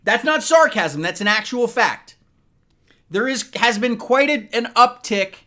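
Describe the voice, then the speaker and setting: A man's voice: very high-pitched, animated, unhurried, bright, forceful tone. A man hosting a casual live stream, rambling as he talks to his viewers and moderators by name, a little loose from bourbon.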